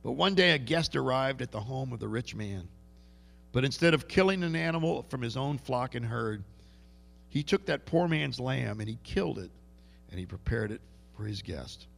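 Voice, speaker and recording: A man's voice: medium pitch, animated, moderate pace, gravelly, a bit bright, soft background music, full character voice. A man voicing an old male prophet with a put-on Jewish brogue, telling a parable in an emphatic storytelling manner. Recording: long reverb of a large hall.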